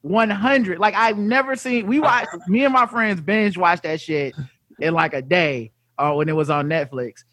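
A man in casual comedic chat, telling an animated, profane story and acting out the voices. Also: high voice, moderate pace, dry recording. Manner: animated storyteller, swears freely, acts out voices.

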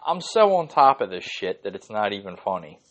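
A young man talks into his own podcast with a somewhat low voice. He rambles, swears freely and gets excited as he goes, in a loose, unscripted chat. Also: a little fast. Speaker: podcast host. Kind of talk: casual solo podcast rant.

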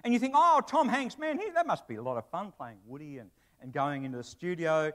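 A man's voice: fairly high pitch, big pitch swings, a little fast. A man preaching a sermon to his church in a conversational way, with asides and humor. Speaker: pastor; broadcast presenter.

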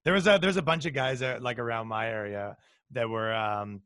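A man's voice: medium pitch, normal speed, no echo. A man chatting casually on a podcast, telling rowdy anecdotes with lots of swearing. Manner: profane, animated storyteller. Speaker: podcast guest, touring ska musician. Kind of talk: casual chat, storytelling.

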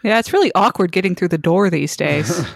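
A woman's voice: lowish voice, brisk, vocal fry, slightly rough, no echo, clean studio sound. A woman co-hosting a comedy podcast, making wry remarks. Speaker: co-host. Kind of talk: casual comedic chat.

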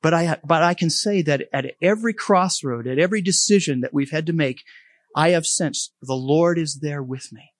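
A middle-aged man gives a heartfelt testimony in an earnest, halting manner. He restarts and repeats words often, and his voice sits a little high. The recording is dry and close, with no room sound. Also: no room sound. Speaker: speaker sharing a testimony. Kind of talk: testimony talk.

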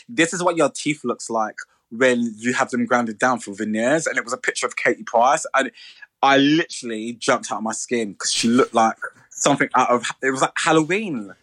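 A man's voice: medium pitch, fairly bright tone, no room sound. A man co-hosting a podcast in casual, gossipy chat. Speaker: podcast co-host.

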